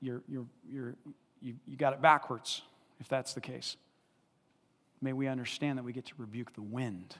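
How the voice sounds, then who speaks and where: A man preaches to his congregation in an animated, conversational way, circling back over his points and asking if they follow. His middle-pitched voice carries a long reverb from the church hall. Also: normal speed, long pauses. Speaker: pastor. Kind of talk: sermon.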